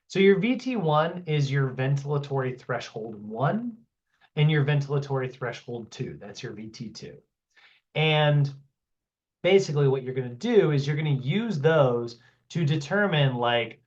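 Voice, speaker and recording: Chatty male fitness instructor on a lo-fi line. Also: on the high side. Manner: chatty, acts out client dialogue with "like" and "you know". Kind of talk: casual explanatory teaching. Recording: dull, lo-fi sound.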